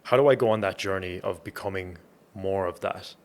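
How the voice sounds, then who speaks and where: A man hosting a podcast, speaking softly and affirming his guest while asking questions. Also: deep voice, fairly quick. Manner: soft-spoken, affirming listener. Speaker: podcast host. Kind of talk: conversational podcast interview.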